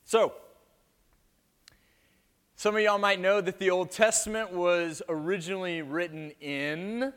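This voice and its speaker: A man's voice: high-pitched, steady tone, a little slow, long pauses, a bit bright, smooth. A man preaching a sermon with playful jokes to a live audience after an opening prayer.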